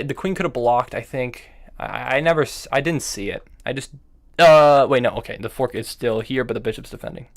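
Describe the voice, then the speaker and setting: A man's voice: mid-range voice, a bit bright. Man thinking aloud through a chess game. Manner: thinking aloud move by move, muttering half-finished phrases; bursts of self-scolding and nervous fretting. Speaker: chess streamer. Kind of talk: live-streamed commentary while playing online chess.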